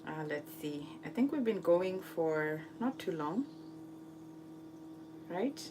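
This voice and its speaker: Lively intonation and a fairly low pitch mark this woman's voice, heard over a noisy background. She hosts a cooking livestream, chatting casually and unhurriedly with viewers, using many fillers, laughing often and trying out French phrases.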